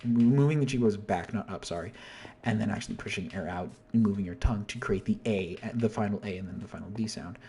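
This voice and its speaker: A man's voice: lowish voice, fast talker, gravelly, warm tone, slight background noise. A man casually breaking down a song's lyrics, rambling, correcting himself and often dropping to a whisper. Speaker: video host explaining song lyrics. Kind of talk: casual lyric breakdown, quoting and half-singing lines.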